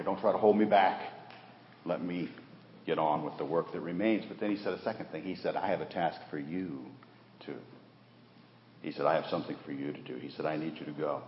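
A man preaching a sermon as pastor, dramatic, swinging from hushed passages to loud exclamations. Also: low voice, slight background noise. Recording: roomy, dull lo-fi church recording.

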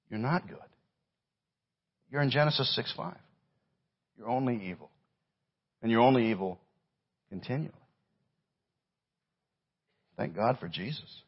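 A man preaching a sermon as pastor, swinging between loud stressed lines and hushed low phrases. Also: vocal fry, husky, dull audio.

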